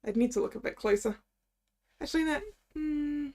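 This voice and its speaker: A woman's voice: high voice, normal speed, a little mellow. A woman streamer reading and commenting through a video game playthrough, musing aloud and correcting herself as she goes. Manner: musing, self-correcting, chatty. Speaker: let's play streamer.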